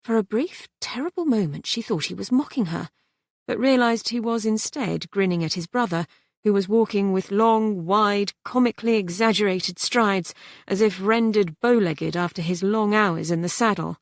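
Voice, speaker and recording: A woman narrates a historical romance audiobook in a measured, even way. Her voice has a gravelly texture and sits close to a dry studio mic. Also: medium pitch, no room sound.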